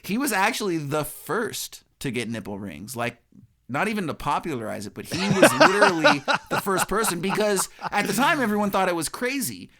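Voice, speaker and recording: Animated, joking podcast host man. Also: sits high, moderate pace. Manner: jokey, animated storyteller. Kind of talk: casual film podcast chat.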